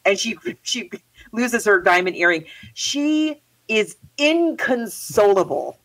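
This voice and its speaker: A woman in casual conversation about a story, enthusiastic and full of quick asides. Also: medium pitch, sing-song, fairly bright tone, low-quality recording. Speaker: co-host discussing a story. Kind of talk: casual chat.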